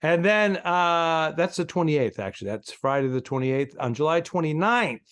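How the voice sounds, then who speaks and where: A man's voice: a little high, moderate pace, clean tone. A man co-hosting a comedy podcast, telling stories in loose, profane casual chat. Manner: storytelling, swearing, animated. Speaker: podcast co-host.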